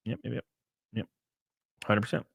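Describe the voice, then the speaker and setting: A man's voice: moderate pace, no echo, studio quality. A man chatting casually on a live stream, rambling, laughing and reading out chat messages. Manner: rambling, reads chat aloud, laughs often.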